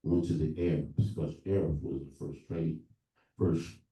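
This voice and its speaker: Earnest, low-voiced man addressing a congregation, heard from a distance. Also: fairly even intonation, mellow. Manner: earnest, with halting pauses and restarts. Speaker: elder leading a libation. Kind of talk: preaching-style address. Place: church hall during a live service. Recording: echoey room from far off.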